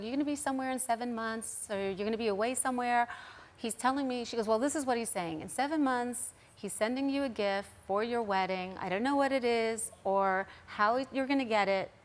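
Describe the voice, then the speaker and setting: A middle-aged woman, a guest on a TV talk show, earnestly recounting a personal story and quoting what others said. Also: on the high side. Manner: earnest, recounting events with quoted dialogue.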